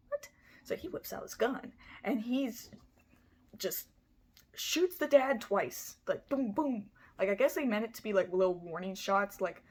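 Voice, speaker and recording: A woman telling a true-crime story in a casual, rambling way, swearing freely and filling her talk with "like" and "you know". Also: mid-range voice. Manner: animated, acts out the people in her story.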